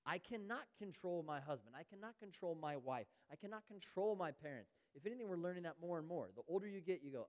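A man preaching in a church sanctuary, his voice sitting a little high for a man. He is earnest, pushing louder on key phrases and sinking to near-whispers on others, and now and then he acts out the voices of churchgoers. A long reverb from the hall trails each phrase. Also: animated, quick pace. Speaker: pastor. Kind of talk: sermon.

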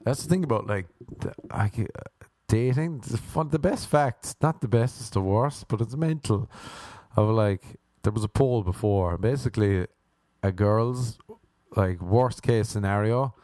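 A man's voice: on the low side, unhurried, a little mellow, no echo, studio quality. An Irish man rambling through a comic story, loose, profane and self-mocking. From Ireland.

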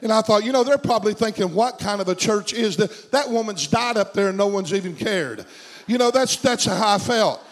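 A man's voice: high-pitched, animated, brisk, rough recording. A middle-aged man preaching a sermon, telling a story with fervent, repetitive phrasing. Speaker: pastor.

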